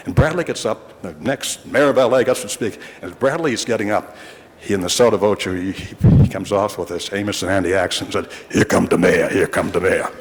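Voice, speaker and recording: Older guy rambling thru old reporter stories, dry wit, lowish voice echoing around a big council hall. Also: brisk, slight background noise. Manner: rambling, wry, with frequent restarts. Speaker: longtime city reporter addressing the council. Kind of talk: anecdotal storytelling. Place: city council chamber. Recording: reverberant council chamber.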